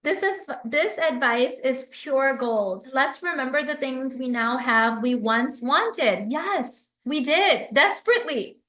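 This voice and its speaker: A woman hosting a live stream, reading viewer comments aloud and answering them in an effusive, animated way. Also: sits high, slow, few pauses, roomy sound. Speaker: livestream host and business coach.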